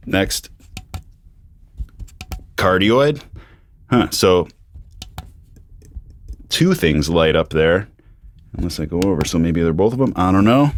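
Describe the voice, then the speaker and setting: A YouTube host with a low voice reviews microphones casually in his home studio, repeating test phrases on a studio condenser mic to check his levels. There's no room sound.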